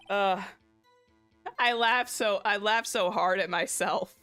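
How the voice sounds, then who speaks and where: A woman's voice: mid-range voice, slow, pauses often, fairly bright tone, clean tone, faint music behind. Giggly young woman streaming a game. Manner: giggly, self-mocking, laughs often. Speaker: VTuber streamer. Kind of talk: casual game stream chat.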